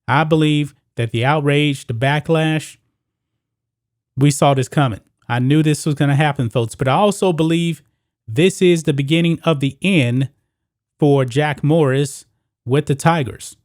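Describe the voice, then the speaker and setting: A man's voice: a little high, a little slow, a little mellow, no echo, studio quality. A man hosting his own sports commentary video, talking straight to viewers and reading news quotes aloud.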